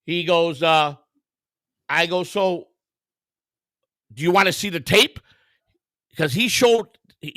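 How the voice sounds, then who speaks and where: A man's voice: on the high side, bright, forceful tone, no echo. A man hosting a livestream, telling a heated, profane story full of quoted dialogue. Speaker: host.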